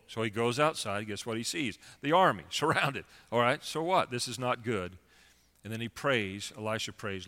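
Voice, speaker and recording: A man preaching a sermon as a pastor, conversational and animated, with offhand asides to his congregation. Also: on the low side, moderate pace. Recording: long hall reverb.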